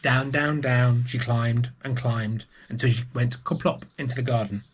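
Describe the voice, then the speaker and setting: A man reading a picture book aloud to young children, gentle and unhurried. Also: medium pitch, steady tone, a little hiss or hum. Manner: gentle and unhurried, with small restarts.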